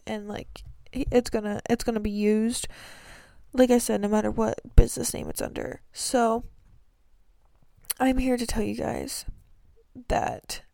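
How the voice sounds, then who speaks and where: A woman's voice: on the high side, vocal fry, dark tone, dry recording. A young woman hosting her own podcast, talking casually and earnestly about faith and a coming business launch, rambling with many fillers and restarts. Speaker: podcast host.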